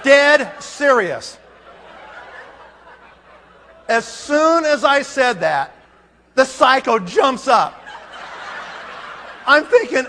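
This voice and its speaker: A man telling a comic story as a conference speaker, animated and acting out scenes with sound effects, in a large hall. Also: very high voice, slow pace, pauses often, slight background noise.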